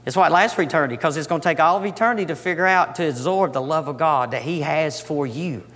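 A middle-aged man preaching a sermon with passion, swinging from loud emphatic lines down to soft, hushed ones. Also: fairly high pitch, fast. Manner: impassioned, rising and falling between loud emphasis and soft near-whispers. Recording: long hall reverb.

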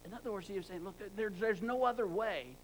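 A man's voice: sits high, brisk, a little hiss or hum, rough recording. A man preaching a sermon with emphatic repetition, often stumbling and restarting words. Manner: emphatic, repeats words for stress.

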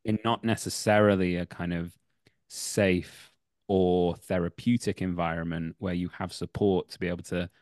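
Deep-voiced Manchester man telling stage stories. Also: normal speed, no echo, clean studio sound. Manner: animated anecdotes, laughs mid-story. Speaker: actor and acting teacher. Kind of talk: casual podcast interview, storytelling.

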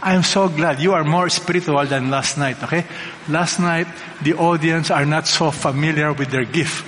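Emphatic pastor preaching in a reverberant hall. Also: male voice, a little high, fairly even intonation, normal speed, fairly bright tone, slight background noise. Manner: emphatic, rhetorical questions to the congregation. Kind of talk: sermon. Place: large church hall. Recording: long reverb of a large hall.

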